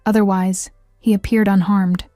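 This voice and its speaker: A woman reading first-person audiobook narration in an even, measured way. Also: medium pitch, no echo, studio quality, faint music behind.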